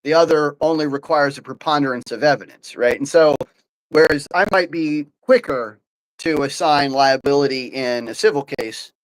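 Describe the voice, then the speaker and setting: A man hosting a live political talk show, speaking in an animated, opinionated way with many fillers and restarts. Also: a little high, normal speed, rough recording. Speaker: podcast host.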